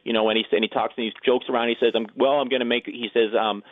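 A man's voice: medium pitch, fairly even intonation, dry recording, narrow, tinny audio. A man, an author and radio guest, eagerly telling political anecdotes and acting out the quotes. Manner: rapid, enthusiastic anecdote telling, acts out quotes. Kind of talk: casual radio interview.

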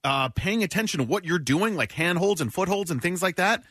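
A man's voice: sits high, animated, brisk, fairly bright tone, no echo, studio quality. A man on a radio show chatting in an easygoing way. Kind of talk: casual on-air banter.

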